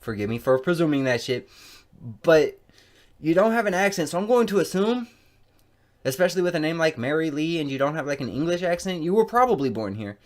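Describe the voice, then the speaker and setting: A man's voice: on the high side, very animated, brisk. A man giving profane, angry reaction commentary on a video, mocking and swearing constantly.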